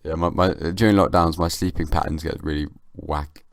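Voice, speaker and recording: A young man hosting a casual solo podcast, sleepy and just woken, musing in a rambling, deadpan comic way. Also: sits low, normal speed, noisy background. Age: young adult. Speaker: podcast host. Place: at home, downstairs.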